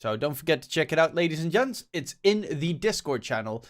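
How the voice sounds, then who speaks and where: A man's voice: a little high, very animated, brisk. A man hosting a co-stream, chatting loosely and plugging a giveaway to viewers. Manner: loose, joking, promotional asides. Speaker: co-stream host. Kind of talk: casual streamer chat.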